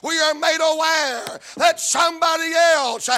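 A man preaching a sermon, shouting and chanting his lines in a sing-song cadence. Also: very high-pitched, unhurried, faint music behind.

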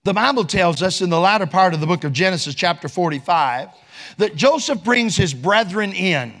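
A man's voice: high voice, expressive, normal speed, a bit bright. A man preaching a sermon, quoting scripture in King James wording and rising for emphasis.

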